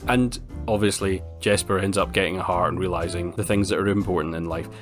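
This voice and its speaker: Scottish male film reviewer, deep voice, dry sarcastic delivery, faint music underneath. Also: fairly even intonation, brisk. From Scotland. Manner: wry, blunt and sarcastic. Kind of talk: casual film review monologue.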